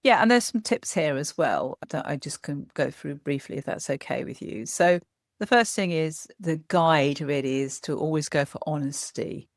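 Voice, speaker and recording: Gravelly-voiced woman therapist. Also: low voice, lively intonation, moderate pace, no room sound, clean studio sound. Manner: gentle, explanatory, frequent "as well". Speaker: psychotherapist guest. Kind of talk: podcast conversation giving practical tips.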